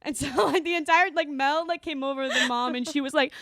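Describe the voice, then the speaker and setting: A woman's voice: high voice, a little fast, no echo, clean studio sound. A woman in her twenties co-hosting a podcast, telling stories in casual chat and acting out the voices of the people in them. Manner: animated storyteller, acts out quotes. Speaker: podcast co-host.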